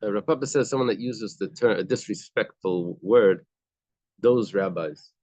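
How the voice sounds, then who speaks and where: A man's voice: fairly low pitch, normal speed, dark tone, no echo. A man teaching a daily Talmud class, reading short bits of Aramaic and then explaining them in casual, conversational English.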